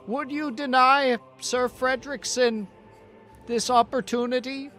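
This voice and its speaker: A man's voice: extremely high pitch, fairly even intonation, slow pace, bright, forceful tone, faint music behind, pitched above the performer's own voice, heavily acted. A man voicing an impatient male enemy herald who presses hard and swears. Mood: pressuring.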